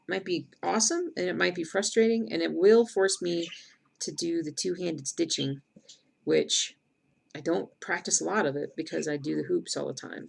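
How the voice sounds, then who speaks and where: Her voice is lowish and gravelly with a breathy edge. She's a middle-aged cross-stitch streamer who rambles casually while she stitches, reading and answering viewer comments aloud.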